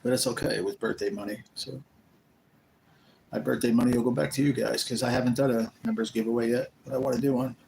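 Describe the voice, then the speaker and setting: A man's voice: medium pitch, fairly even intonation, fast, vocal fry, darkish tone, slight background noise, poor audio. A man hosting a casual live stream from a rehab facility room, rambling as he retells conversations.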